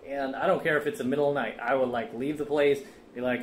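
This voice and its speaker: A man's voice: mid-range voice, fairly even intonation, fairly quick. A man giving blunt, lecturing dating advice in casual commentary, often checking with "right?" and "okay?". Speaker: dating coach reacting to a clip. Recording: echoey room with faint ambient noise.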